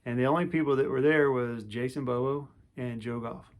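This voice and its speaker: A man's voice: medium pitch, fairly even intonation, brisk. A man in his forties telling a personal story to camera, casual and rambling, with lots of restarts and fillers.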